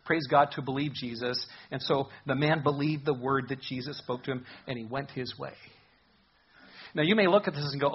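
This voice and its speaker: A man's voice: a little high, breathy edge, muffled recording. A man preaching a sermon, earnestly explaining scripture verse by verse. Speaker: pastor.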